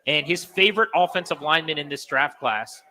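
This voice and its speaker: A man's voice: fairly high pitch, fairly quick, sharp tone, big-room sound. An American man hosting a sports radio show in a chatty, joking way.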